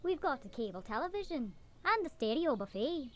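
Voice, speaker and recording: A woman's voice: high voice, sing-song, a little fast, heavy background noise. A woman voicing a chatty resort clerk with a Scottish accent.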